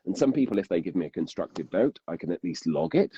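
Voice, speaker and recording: Guy on a podcast, low husky voice, rambly, keeps restarting sentences, dull dry sound. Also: very animated, fast, warm tone, no room sound. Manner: rambling, self-interrupting, laughs often. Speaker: podcast guest, audiobook narrator. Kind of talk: casual podcast chat.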